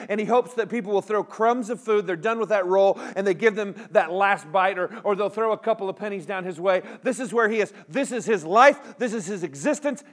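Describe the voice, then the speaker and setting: A pastor with a voice that sits high for a man delivers an energetic, animated sermon. He draws his congregation into call-and-response and keeps plenty of humor in it.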